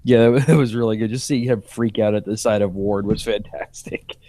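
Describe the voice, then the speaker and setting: A man's voice: lowish voice, steady tone, brisk, mellow, no room sound, studio quality. A man co-hosting a podcast, chatting casually about TV episodes and earnestly explaining plot details. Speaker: podcast co-host. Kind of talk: casual TV recap chat.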